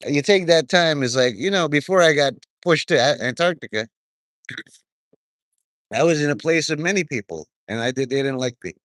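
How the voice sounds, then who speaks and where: A man's voice: a little high, lively intonation, moderate pace, a bit bright, no echo. A man giving a rambling, profane, stream-of-consciousness monologue to his viewers. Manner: profane, stream-of-consciousness, drifting between topics.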